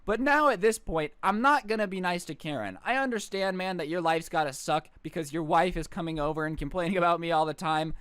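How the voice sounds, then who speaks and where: A man's voice: fairly high pitch, brisk, few pauses, fairly bright tone, smooth, no room sound. A man in his twenties telling a story in a casual, exasperated and sarcastic rant at his computer. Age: 20s. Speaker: storyteller vlogger.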